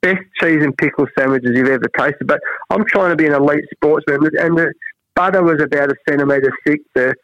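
A man's voice: on the high side, fairly quick, no room sound, dull audio. An Australian man, a cricket head coach, reflecting earnestly in an interview, often restarting his sentences. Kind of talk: interview conversation.

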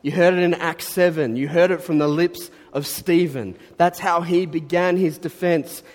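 A man's voice: a little high, steady tone, moderate pace, long reverb tail. A man preaching a sermon as a pastor, conversational and earnest, building to emphatic bursts.

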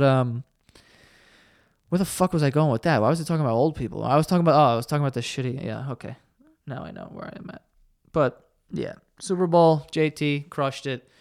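A man's voice: a little high, clear, resonant tone, no echo, clean studio sound. A young man hosting a casual solo podcast, rambling and profane, sarcastic, often tripping over his words. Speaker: podcast host.

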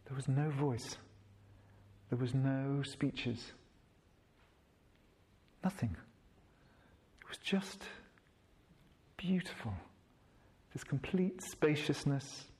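A man's voice: mid-range voice, drawn-out words, long pauses, darkish tone. A man telling a reflective personal story in a wry, self-deprecating way, laughing at himself.

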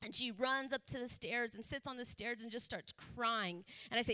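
A woman's voice: a little high, steady tone, a little fast, few pauses, sharp tone, clear, resonant tone. A woman missionary giving a sermon testimony, telling an emotional story with laughter and moments of choking up. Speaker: missionary speaker.

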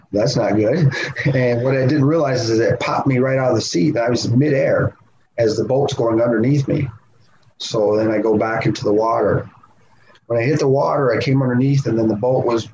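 A man guest on a podcast, telling a story in a lively way and laughing often. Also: medium pitch. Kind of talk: animated storytelling. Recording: slightly dull sound with faint noise.

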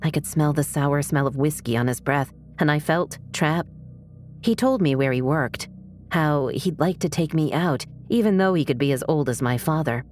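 A woman narrating a first-person true story in a measured, tense storytelling manner. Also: low-pitched, darkish tone.

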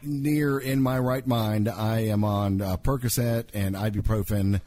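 A man's voice: fairly low pitch, steady tone, measured pace, mellow. A man hosting a comedic podcast, talking in a dry, teasing way. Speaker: podcast host.

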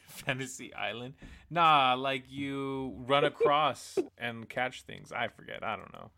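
A man's voice: medium pitch, slow, bright, forceful tone, no echo, studio quality. A man co-hosting a casual sports podcast, loose and laughing, often trailing off mid-thought. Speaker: podcast co-host.

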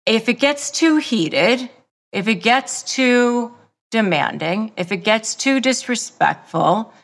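A woman coaching listeners in a motivational advice talk, with emphatic, repetitive, measured delivery. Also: fairly high pitch, animated. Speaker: lawyer and negotiation coach.

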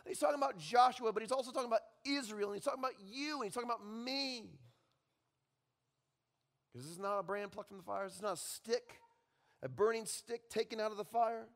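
A male pastor preaching a sermon, telling stories and dropping at times to a hushed voice. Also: high voice, brisk, vocal fry. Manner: storytelling with sudden drops to a hushed voice. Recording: long reverb in a large hall.

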